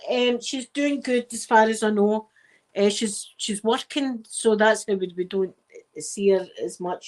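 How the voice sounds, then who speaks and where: A middle-aged Scottish woman in soft-spoken casual chat, rambling warmly as an ASMR host. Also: mid-range voice. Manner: chatty and rambling, with frequent wee and laughter.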